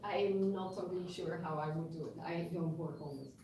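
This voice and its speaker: This woman's warm, lowish voice moves at a moderate pace through a university linguistics lecture full of examples and frequent restarts, all delivered patiently. A distant mic in an echoey lecture room picks her up, along with slight hiss or hum.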